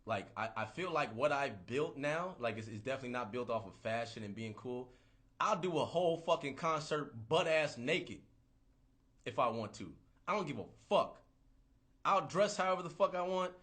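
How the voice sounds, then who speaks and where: A man hosting a livestream, ranting in a casual, profane, animated way and repeating himself. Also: medium pitch, moderate pace. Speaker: livestream host.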